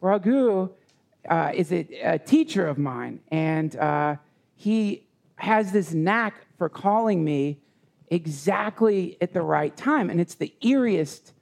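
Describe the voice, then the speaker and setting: A man telling a personal story in conversation, earnest and halting with many restarts. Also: high voice, animated, gravelly, a little mellow. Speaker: guest.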